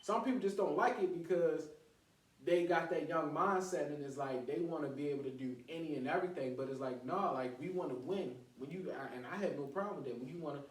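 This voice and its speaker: A man's voice: a little high, a little fast, a little hiss or hum. Man, sports podcast host, opinionated, slangy, roomy echo. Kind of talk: casual sports talk. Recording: echoey room, mic at a distance.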